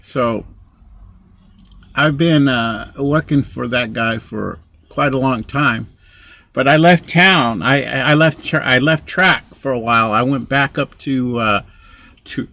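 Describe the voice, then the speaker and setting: A man's voice: medium pitch, bright, forceful tone. A middle-aged man, a handyman, telling a rambling story in casual talk, often saying "so anyway" and acting out both sides of the conversations.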